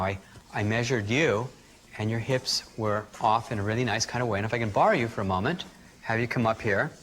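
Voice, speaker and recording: A man teaching a live workshop, calmly guiding a group through breathing exercises and demonstrating them aloud. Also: fairly low pitch, a little hiss or hum. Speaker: energy healing teacher.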